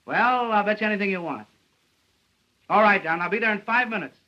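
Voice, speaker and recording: An actor playing a brash, wisecracking young male newspaper reporter in a 1930s film, talking fast and cocky. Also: sits high, muffled recording, close to an everyday voice. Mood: coaxing.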